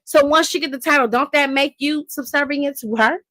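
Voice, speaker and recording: A woman's voice: high voice, brisk, a bit bright, dry recording, studio quality. Woman doing a mocking, tough female wrestler. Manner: mocking and confrontational.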